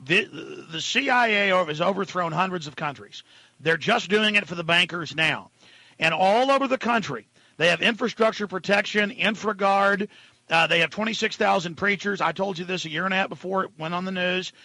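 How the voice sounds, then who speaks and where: A male radio talk show host ranting at callers, dropping to a low mutter and then shouting. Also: normal speed, no room sound.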